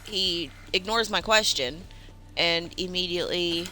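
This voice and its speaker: Low-voiced woman chatting over game music. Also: measured pace, sharp tone, low-quality recording. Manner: chatty, many fillers, breaks off to react to the game. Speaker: gaming streamer. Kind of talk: casual storytelling while gaming.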